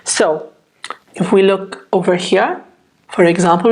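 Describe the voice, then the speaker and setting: Slow, patient woman teaching pronunciation. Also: medium pitch, fairly even intonation, darkish tone. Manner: patient, checks in often with "okay?". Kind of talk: slow, clear classroom explanation.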